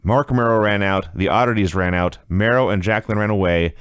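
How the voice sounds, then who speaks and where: A man co-hosting a casual podcast, recapping wrestling with sarcastic, animated commentary. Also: fairly low pitch, a little fast, smooth, no room sound, clean studio sound. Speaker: podcast co-host reviewing wrestling.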